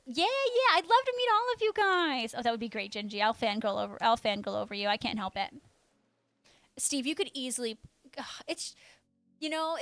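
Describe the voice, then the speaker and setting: A woman's voice: on the high side, fairly bright tone. A young adult woman livestreaming, chatting casually with viewers and reading their messages in a bubbly, gushing way. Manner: bubbly, gushing, reads viewer names aloud. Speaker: streamer reading chat.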